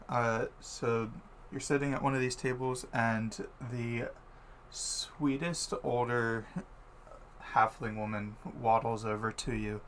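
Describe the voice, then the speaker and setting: Slow-talking game master man. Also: medium pitch, slight background noise. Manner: playful, relaxed narration. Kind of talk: narrating a tabletop game.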